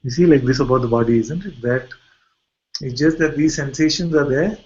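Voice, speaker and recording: A man with an Indian accent speaks as a spiritual teacher, gentle and unhurried, often posing questions to his listeners. His pitch sits in the middle range. The recording is dull and lo-fi. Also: breathy edge. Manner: gentle, asks rhetorical questions. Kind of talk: satsang talk and video-call chat.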